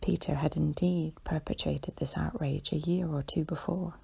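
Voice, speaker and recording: A woman reading a sleep story aloud in a calm, hushed whisper. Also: sits low, moderate pace, hardly any pauses. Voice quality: husky, creaky whisper. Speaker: bedtime story reader.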